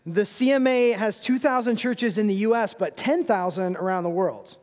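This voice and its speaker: A man's voice: high-pitched, moderate pace, a little mellow, big-room sound. A man in his thirties, a guest preacher giving a sermon in a church, telling funny family stories in a conversational way. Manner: humorous storytelling, conversational. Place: church sanctuary.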